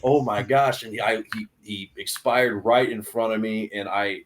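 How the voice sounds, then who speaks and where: A young adult man telling a hunting story on a podcast in an excited, animated way, with many restarts. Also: fairly low pitch, a little slow. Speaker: podcast guest. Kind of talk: casual storytelling.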